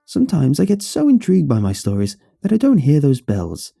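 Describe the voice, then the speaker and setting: A frail old spa lady with a shaky, sweet voice, pitched well up from the storyteller's own, as a man puts her on in a horror story reading. She dotes on the listener. The voice is dark and husky. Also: wildly swooping pitch, a little fast, no echo, clean studio sound, faint music behind, exaggerated voice. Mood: sweet, doting. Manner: sweet, doting, calls listener honey.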